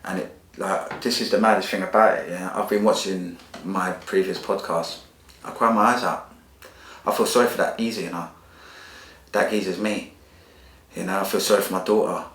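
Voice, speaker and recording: A man's voice: deep voice, fairly even intonation, moderate pace, fairly bright tone. A man, telling his life story as a podcast guest in a blunt, emotional way with street slang. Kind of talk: candid personal storytelling. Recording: echoey room.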